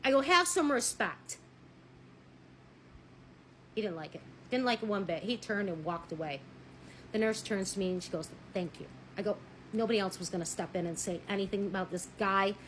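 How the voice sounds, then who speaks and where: A woman telling a personal story in a blunt, animated way, swearing freely and acting out what people said. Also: medium pitch, fast talker, a little hiss or hum, low-quality recording. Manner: married. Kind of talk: casual storytelling.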